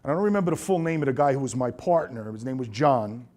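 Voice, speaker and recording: A middle-aged man, a chiropractor, giving a seminar talk to colleagues, telling lively stories and acting out the voices of the people he quotes. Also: mid-range voice, fast. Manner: lively storyteller who acts out quoted voices.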